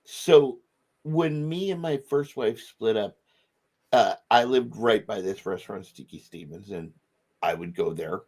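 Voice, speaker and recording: A middle-aged man with a somewhat low voice spins a rambling anecdote for his podcast co-hosts. He slips into other people's voices as he quotes them, in an easy, casual telling. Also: measured pace, darkish tone. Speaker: podcast co-host. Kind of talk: casual storytelling.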